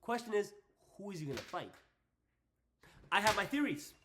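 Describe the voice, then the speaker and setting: A young man hosting a casual wrestling predictions vlog, excitable and hyping things up with repeated phrases. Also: high voice, moderate pace, noisy background. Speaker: wrestling channel host.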